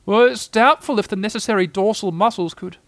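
Man putting on a fussy wordy owl, highish and gravelly, storybook. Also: brisk, a bit bright, dry recording. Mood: pompous. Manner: fussy, long-winded. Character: pompous wordy old owl, male.

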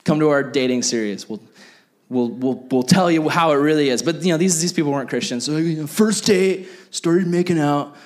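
A young adult man preaching a sermon as pastor, animated and acting out the voices he quotes. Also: on the high side, brisk.

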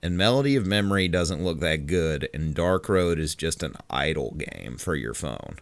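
Deep, lively-voiced joking man. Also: normal speed, creaky, no room sound. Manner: joking, deadpan teasing. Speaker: podcast co-host. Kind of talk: casual chat.

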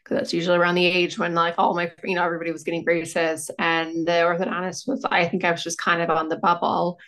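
Chatty woman with a gravelly edge. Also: on the low side, flat delivery, quick pace, a bit bright. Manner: chatty, self-deprecating, slight lisp from aligners. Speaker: podcast co-host. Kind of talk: casual chat.

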